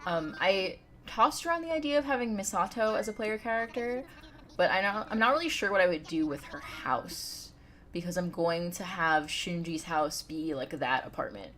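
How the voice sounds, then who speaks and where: A woman's voice: on the low side, lively intonation, normal speed, fairly bright tone, a little hiss or hum. A woman live-streaming a game from home, chatting and giggling as she talks straight to her chat. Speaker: livestreamer.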